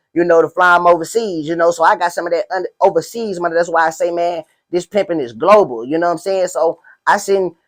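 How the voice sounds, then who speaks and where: A man's voice: fairly high pitch, natural voice. A man playing a rambling boastful street pimp. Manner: rambling slang, constant "you know what I'm saying". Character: boastful streetwise male pimp in a spoof interview. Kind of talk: comedic parody interview.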